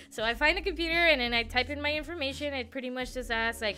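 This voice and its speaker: A woman's voice: fairly high pitch, quick pace, hardly any pauses, bright, forceful tone. A young woman vlogger casually telling a travel story, rambling and giggling self-consciously.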